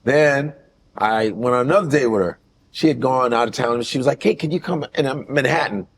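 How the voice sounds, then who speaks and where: A man from Nigeria tells a story in loose, casual conversation. He acts out quoted lines with big swings and swears freely. A faint low rumble sits under his mid-pitched voice. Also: brisk, gravelly.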